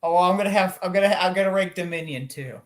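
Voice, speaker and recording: A man speaking as a guest on a casual podcast, laid-back and quick to laugh. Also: high voice.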